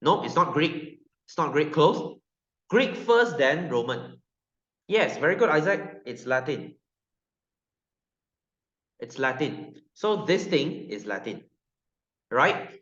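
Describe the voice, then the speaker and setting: A man's voice: on the high side, sing-song, slow pace, long pauses, a bit bright. Joking Malaysian male science teacher. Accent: Malaysian English. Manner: joking, keeps quizzing students. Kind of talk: classroom lecture. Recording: roomy, dull sound.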